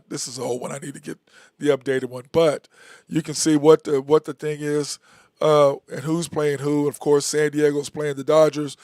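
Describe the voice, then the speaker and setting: A man's voice: medium pitch, darkish tone, no echo, studio quality. A man hosting a solo live-stream sports talk show, casual and rambling, often repeating himself. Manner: casual, conversational. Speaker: host.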